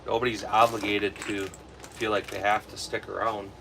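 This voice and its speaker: Young Wisconsin guy, low voice, rambling livestreamer talk, steady background noise. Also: moderate pace, creaky. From Wisconsin, USA. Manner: relaxed, rambling, answers chat comments. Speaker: livestream host. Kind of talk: casual livestream chat while reloading ammo.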